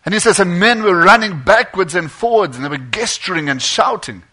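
A man preaching and telling a tense story dramatically, dropping to a hush and swelling again. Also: sits high, lively intonation, fairly quick.

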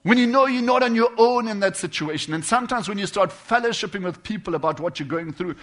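A man preaching a sermon, earnest and personal, dropping to quiet intimate lines and then rising into loud, emphatic bursts. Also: high voice, expressive, fast talker.

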